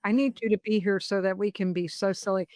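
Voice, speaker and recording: A woman's voice: mid-range voice, steady tone, quick pace, a little mellow, dry recording, studio quality. A middle-aged woman co-hosting a podcast in casual chat with a friend, laughing often and telling stories with animation. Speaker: podcast co-host.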